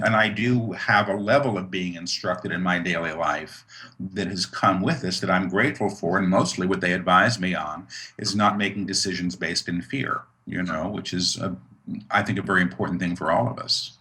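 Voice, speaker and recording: A man's voice: low voice, steady tone, normal speed, sharp tone. A man speaking as an interview guest, talking about his work in an earnest, reflective way, with frequent restarts and "you know"s. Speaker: guest, author and medium. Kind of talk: conversational interview.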